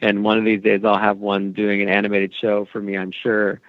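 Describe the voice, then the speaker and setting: A man's voice: on the low side, completely flat delivery, fairly quick, no echo, muffled recording. A man being interviewed as an animation producer, rambling and friendly with many fillers. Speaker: animation executive producer, guest. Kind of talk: casual podcast interview.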